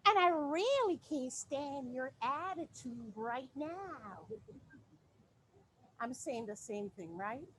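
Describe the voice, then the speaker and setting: An actress performing a stage monologue as a sassy, outspoken woman with mocking, expressive shifts of tone. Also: high voice, slow, a little hiss or hum, full character voice. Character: sassy, outspoken grown woman airing grievances. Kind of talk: theatrical monologue.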